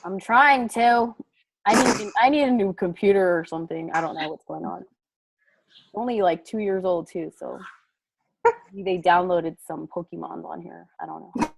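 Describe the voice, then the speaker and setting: A woman's voice: fairly low pitch, moderate pace, creaky, background noise. A woman hosting a casual group video call, chatty and laughing often. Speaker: call host.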